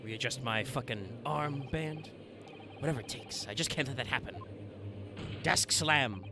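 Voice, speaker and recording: A man voicing a determined young defense lawyer in a video game, speaking earnestly and slowly. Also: mid-range voice, noisy background, voice pushed up, natural voice.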